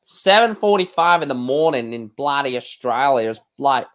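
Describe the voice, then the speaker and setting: A man's voice: mid-range voice, lively intonation, moderate pace, a bit bright. A young man hosting a casual live stream, chatting in a rambling way and often correcting himself.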